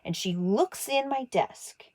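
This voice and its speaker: A woman from Montana telling personal stories about growing up, in a casual, candid way. She throws her voice up high when she quotes teachers and family, making the stories animated. The room sounds dry, with no echo. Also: takes it slowly. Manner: animated, acts out quoted voices with big pitch jumps. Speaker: artist telling her life story.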